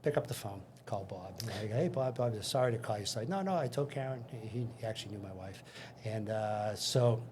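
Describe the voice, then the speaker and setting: With a lowish, animated, slightly mellow voice that runs a little fast, an older interview guest tells anecdotes from his career, voicing the dialogue himself and often restarting sentences. A little hiss or hum is present.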